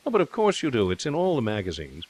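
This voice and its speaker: A man reading a quick-tempered young woman artist who taunts sharply and then turns tearful. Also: mid-range voice, wildly swooping pitch, a little mellow, pitched above the performer's own voice. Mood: cutting. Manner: teasing, then tearful self-reproach.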